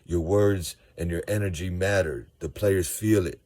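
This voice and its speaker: A man from Georgia, giving a casual, animated fan recap of a football game. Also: low-pitched, measured pace. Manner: animated, slangy, storytelling. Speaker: sports fan vlogger.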